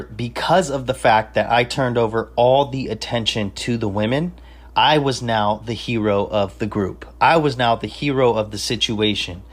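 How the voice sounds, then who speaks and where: Profane, boastful young man telling a story. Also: medium pitch. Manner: profane, boastful, street slang. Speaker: podcast host telling a story. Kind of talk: casual storytelling.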